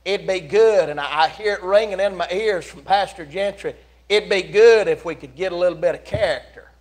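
Preacher guy in a church, higher voice, folksy, goes loud then real quiet telling the story. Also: fairly quick. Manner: folksy, animated storytelling preaching with dramatic swings. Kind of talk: sermon. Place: church sanctuary.

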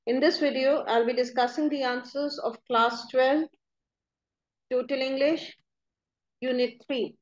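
A woman teacher giving a recorded grammar lesson, slowly reading out answers and dictating punctuation with care. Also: high voice, steady tone, highs cut off. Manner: slow, careful dictation of punctuation.

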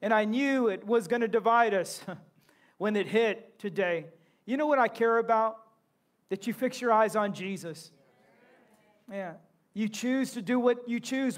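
A male pastor preaching a sermon in a church, impassioned, breaking into shouts and joking asides. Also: very high voice. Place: church sanctuary.

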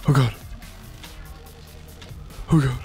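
A man giving casual commentary on a game, excitable and jumpy, swearing and laughing when startled, recorded at home on a desktop mic. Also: drawn-out words, faint music behind. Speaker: let's play gamer. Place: room at home.

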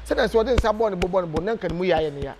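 Ghanaian guy, high voice, fired up and emphatic, lots of ums while he thinks. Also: racing, a little hiss or hum. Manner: animated, emphatic, with frequent hesitation fillers. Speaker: interview guest. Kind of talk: casual interview.

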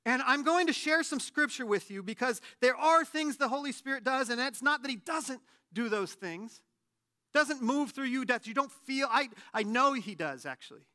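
A man in his late thirties, a pastor giving a conversational sermon with animated, self-deprecating humor. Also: very high voice, moderate pace. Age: late 30s.

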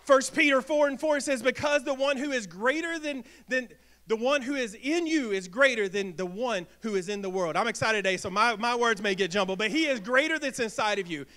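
A man preaching a sermon in a church, energetic, asking the congregation questions and acting out little quips. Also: very high voice, fairly quick. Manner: energetic, asks the crowd questions and acts out quips. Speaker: pastor. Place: church sanctuary.

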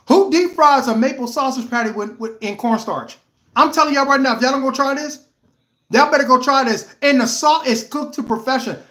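A man hosting a casual livestream from his home kitchen, tasting his own cooking with excited exclamations and long drawn-out mm's. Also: very high-pitched, echoey room. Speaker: home cook livestream host.

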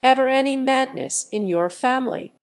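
A woman's voice: high-pitched, moderate pace, voice pushed up. A woman reading the lines of an odd, curious old male doctor in an audiobook, speaking in a matter-of-fact, imperturbable way.

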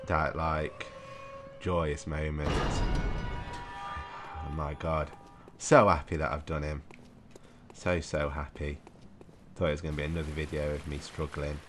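Deep-voiced gamer talking to himself. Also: male voice, little pitch movement, a little slow, long pauses, music in the background. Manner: chatty, talks to himself while playing, mild swearing. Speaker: let's play gamer. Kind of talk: live gameplay commentary.

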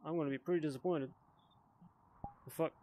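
A man's voice: fairly high pitch, steady tone, brisk, warm tone, slight background noise. A tipsy man giving casual commentary while playing a VR game, swearing a lot with frustrated outbursts and mumbled asides. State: tipsy from drinking. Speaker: VR gamer.

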